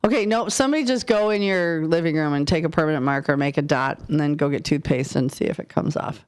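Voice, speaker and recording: A woman's voice: deep voice, smooth. A woman co-hosting a morning radio show from the studio. She talks in a chatty, playful way, bouncing jokes off her colleagues. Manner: chatty, playful, quick to laugh along. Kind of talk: casual studio banter.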